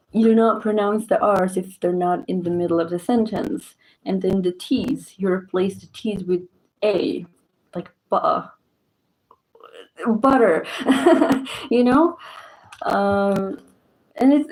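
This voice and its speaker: A woman's voice: medium pitch, a little mellow, slight background noise, poor audio. Chatty Moroccan woman vlogger. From southern Morocco. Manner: chatty, laughs often, drawn-out phrasing. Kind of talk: casual chat.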